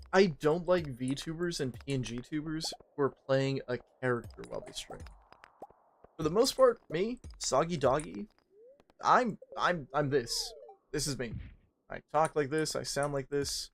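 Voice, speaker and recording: Gravelly, foul-mouthed male streamer. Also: a little high, big pitch swings, a little slow, fairly bright tone, a little hiss or hum. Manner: profane, rambling, joking. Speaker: livestreamer. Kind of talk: casual stream chat.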